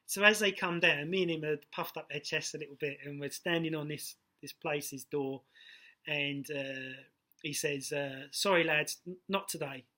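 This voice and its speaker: A man's voice: fairly high pitch, steady tone, unhurried, bright, forceful tone. A middle-aged man from London telling swear-laced stories about his time as a doorman in a casual, rambling way. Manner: chatty, swears freely, drifts between stories. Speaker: personal trainer, former doorman. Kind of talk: casual storytelling to camera.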